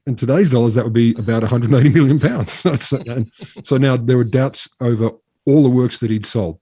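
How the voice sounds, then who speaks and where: A man's voice: mid-range voice, a little fast, warm tone, slightly rough, dry recording. A man co-hosting a podcast, telling a story in a chatty, swearing, casual way. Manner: chatty, swears freely, drops into mock voices. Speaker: podcast co-host.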